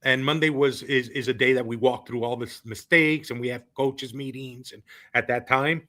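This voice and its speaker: A man in his thirties, a former college baseball player, tells a story on a podcast in an animated, laughing way, with many fillers. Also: medium pitch, moderate pace.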